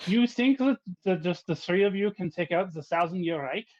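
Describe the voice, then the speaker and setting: A man's voice: high-pitched, expressive, normal speed, darkish tone, dry recording, pitched above the performer's own voice. A man voicing a menacing German soldier with a put-on German accent, in a tabletop game. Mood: taunting. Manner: taunting, mocking. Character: German soldier holding a hostage, male adult, menacing. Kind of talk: game master voicing a character. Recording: dull, dry audio.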